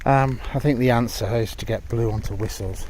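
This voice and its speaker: A man training his sheepdogs outdoors in a field, recorded on a phone camera. He shouts firm, high commands and praise to the dogs, then speaks quietly and evenly to the viewer between calls. His voice sits at an ordinary middle pitch, with a faint outdoor hum behind it. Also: brisk. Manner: calls dog commands loudly, then talks softly to camera. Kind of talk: casual training vlog.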